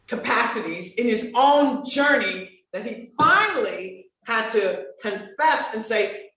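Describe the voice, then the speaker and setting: A woman voice coach in conversation on a podcast, emphatic and animated, swinging between bright exclamations and soft earnest asides. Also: on the high side, slow pace. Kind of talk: enthusiastic conversational podcast talk. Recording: very echoey room.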